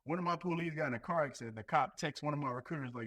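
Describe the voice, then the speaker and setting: A man in his thirties, a Marine recruiting leader, talks as a podcast guest. He swears freely and tells his stories with animated repetition. His voice sits somewhat high for a man. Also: racing, rough recording. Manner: profane, animated storytelling with repetitions. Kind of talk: casual podcast chat.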